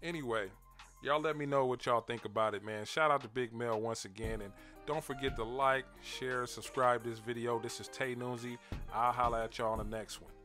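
A man with hosts a relaxed commentary video, chuckling and circling back over his words as he talks to his viewers. His voice sits in a middle pitch. Faint music plays behind him. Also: normal speed. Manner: laid-back, laughing, repeats words, addresses viewers directly. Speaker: commentary channel host.

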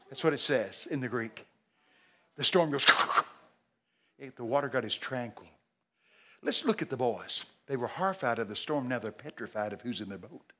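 A man preaching a sermon at a church service, animated and jokey, breaking into shouted acted-out lines. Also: medium pitch, moderate pace, a little hiss or hum. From Texas.

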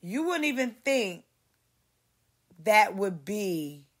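A woman delivers a rambling, heavily profane podcast rant. She swears constantly and jumps between stories, acting out what others said to her in a sharper, louder voice. Her pitch sits in an ordinary middle range for a woman. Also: takes it slowly. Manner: heavy cursing, animated, mimics others in raised voice. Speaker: podcast host.

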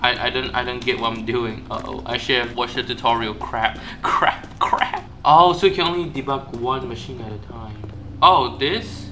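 A man's voice: a little fast, pushed and bright, slight background noise. Panicky gamer man shrieking and self-mocking. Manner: panicky, self-mocking, repeats words in bursts; shrieks high when caught. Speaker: gaming YouTuber. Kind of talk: gameplay commentary.

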